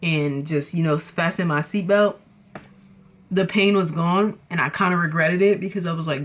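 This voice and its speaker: Animated young woman telling a storytime. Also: lowish voice, moderate pace. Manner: animated, dramatic, slangy, addresses viewers as y'all. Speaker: vlogger. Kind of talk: casual storytime chat.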